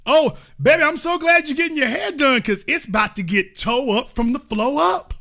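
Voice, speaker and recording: A man's voice: very high voice, very animated, moderate pace, hardly any pauses, pushed and bright. A man hosting a profane, comedic political rant, often acting out the voices of the people he quotes. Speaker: political commentary host.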